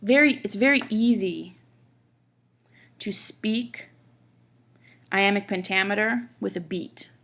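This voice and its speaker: A woman's voice: medium pitch, takes it slowly, long pauses, fairly bright tone. A woman teaching a class, explaining step by step, checking in with her listeners and reading verse aloud with marked stresses. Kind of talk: classroom lecture on poetry.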